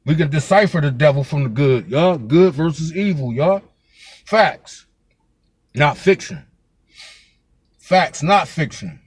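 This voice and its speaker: A man's voice: fairly high pitch, expressive, takes it slowly, pauses often, husky, no room sound. A man from Pennsylvania giving a fiery, profane street vlog rant as a local commentator, with the same curse repeated throughout.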